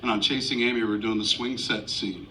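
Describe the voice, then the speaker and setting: A man's voice: on the low side, fairly even intonation, a little fast, bright, forceful tone. A middle-aged man answering audience questions after a screening, telling rambling, profane anecdotes full of impersonations. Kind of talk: post-screening Q&A storytelling. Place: screening room or theater. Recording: distant, noisy live audience recording.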